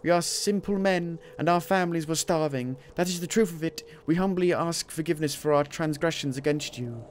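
A man voicing a solemn ancient male worshipper, intoning slow archaic prayers in a grand manner. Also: fairly high pitch, slight background noise, voice pushed up, natural voice. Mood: pleading. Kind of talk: reading game inscriptions aloud in a put-on voice.

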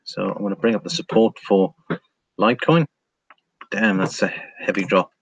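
A man hosting a relaxed live stream, reading out viewer comments and talking over charts. His voice sits fairly low, and he laughs easily between remarks. The sound is dry and close, with no room around it. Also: normal speed, vocal fry, slightly rough, dry recording, highs cut off. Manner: chatty, reads viewer comments aloud, laughs often, trails off.

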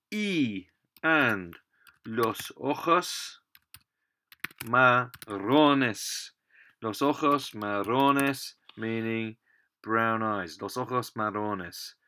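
A man's voice: mid-range voice, pushed and bright. A man teaching a language lesson, explaining patiently while typing at a computer. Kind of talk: screen-recorded language lesson.

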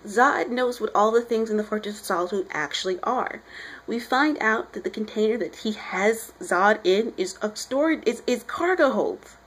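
A young woman with a fairly high, husky, breathy voice talks through a comic book review. Her delivery is loose and chatty, full of rambling asides and "you're like" retellings. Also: lively intonation, normal speed, fairly bright tone, rough recording. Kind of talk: casual chat.

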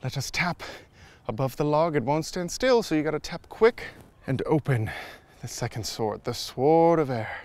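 A man's voice: fairly high pitch, expressive, normal speed, a little mellow. A man hosting a casual walking vlog outdoors, talking straight to his viewers in a playful, theatrical way. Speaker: app demo host. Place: outdoors on a park trail.

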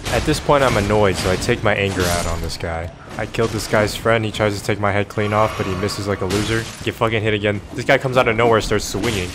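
Brief: man, lowish voice, profane sarcastic ranting, comedic gaming voice-over. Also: a bit bright. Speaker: gaming video narrator.

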